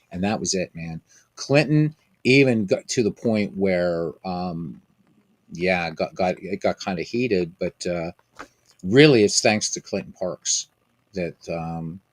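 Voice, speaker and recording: A man with a low voice hosts a casual stream of a baseball simulation game. He rambles in a chatty way, piling up ums and restarts as he talks to his viewers. The sound is dry and close, with no room echo.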